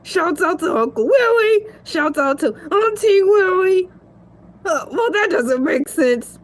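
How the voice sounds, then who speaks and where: A woman's voice: extremely high pitch, lively intonation, takes it slowly, exaggerated voice. A woman voicing a goofy, rambling male shark celebrity who giggles and stretches his words out in a comedic monologue. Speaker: show guest.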